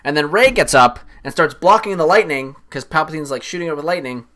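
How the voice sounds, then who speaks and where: A young man casually recapping a film on a stream, rambling and profane, excitedly acting out lines from the scenes. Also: on the high side, fairly quick.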